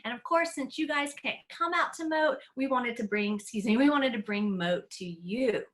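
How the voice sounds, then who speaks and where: At a normal speed and with a fairly high, bright-ish voice, a Tennessee woman teaches kids in a live online aquarium class. She's playful and enthusiastic, speaking right to the children through a computer mic.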